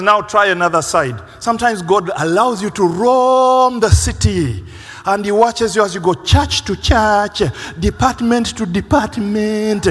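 A man preaching a sermon as pastor, animated, acting out the voices of people he quotes. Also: high-pitched, husky. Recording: long reverb of a large hall.

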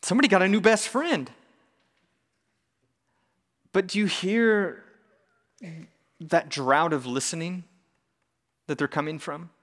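A man preaching a sermon in a conversational, animated way with touches of humor. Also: sits high, takes it slowly, long pauses, in a large hall. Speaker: pastor.

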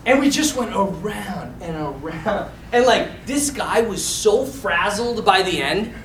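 A man, a priest telling a story in a lively, animated way during a sermon. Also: sits high, takes it slowly. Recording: echoey hall, mic far off, faint noise.

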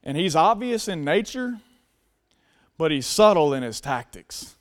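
A male pastor preaching a sermon earnestly, dropping to hushed tones and rising to loud emphasis. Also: fairly high pitch, sing-song, a little slow.

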